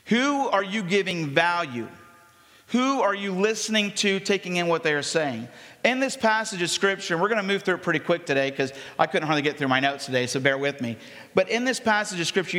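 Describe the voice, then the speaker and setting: A man, the pastor, preaching a sermon in a conversational, energetic way, acting out the voices of people in the story. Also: high voice. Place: church sanctuary. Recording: long reverb of a church hall.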